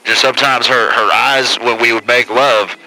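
A man's voice: mid-range voice, steady tone, moderate pace, bright, forceful tone, poor audio. A man playing a rambling, stammering caller in a comedic call-in sketch, leaning on "man" constantly.

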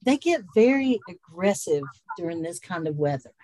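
A woman with a Southern Appalachian mountain accent and a mid-range voice, telling stories in a slow, rambling way. The recording is dry and close, with no room sound. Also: on the low side, sing-song, warm tone, dry recording. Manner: unhurried, rambling storyteller with frequent laughs. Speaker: podcast co-host. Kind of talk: casual chat.

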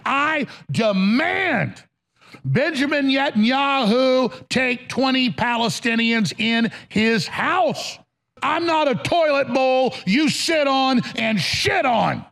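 A man's voice: sits high, creaky, fairly bright tone. A man in an angry public rant, furious, swearing and making demands.

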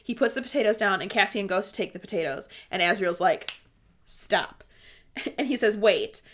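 A woman's voice: medium pitch, quick pace, a bit bright. A young woman co-hosting a casual book discussion, bubbly and laughing often as she reads passages aloud. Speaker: podcast co-host.

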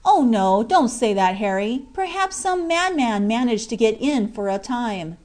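A woman reading an audiobook, voicing a cheerful, teasing young male miner in a lively, coaxing manner. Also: on the high side, measured pace. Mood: jovial. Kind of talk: audiobook character voice.

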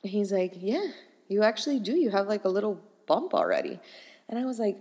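A young woman tells a personal story in an animated, chatty way and keeps filling her sentences with little asides. Her voice sits at an ordinary middle pitch. A long reverb trails behind every line, as though she was recorded in a large hall. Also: a little fast. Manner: animated and chatty, full of fillers. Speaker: first-time mother telling her pregnancy story.

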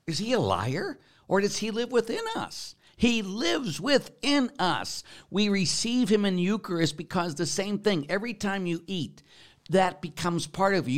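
A man, a Catholic priest, answering viewer questions in a casual, blunt and joking way, swinging between loud exclamations and low muttered asides. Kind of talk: casual Q&A talk.

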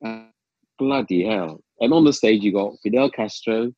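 A man's voice: on the low side, moderate pace, dry recording, dull audio, soft background music. A man telling a long anecdote in casual conversation, with many ums and restarts. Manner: rambling, many ums and restarts, lively quoted asides. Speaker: guest. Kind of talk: casual storytelling.

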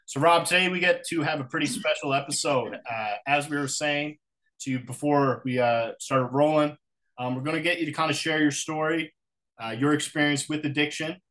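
A man's voice: on the high side, fairly even intonation, moderate pace, a bit bright. A man hosting a recovery podcast, opening the show and guiding a guest in a friendly, informal way. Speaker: podcast host.

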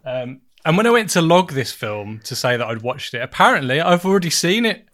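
A man's voice: a little high, big pitch swings, fairly quick, fairly bright tone. A man chatting casually about films as a podcast host. He rambles and mocks himself, laughing between thoughts. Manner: rambling, self-mocking, laughs often. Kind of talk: casual chat.

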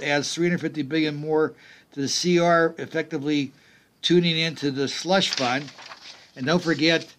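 A man's voice: a little high, a bit bright. A middle-aged man hosting a political talk radio show, delivering emphatic commentary with sarcastic, mocking asides.

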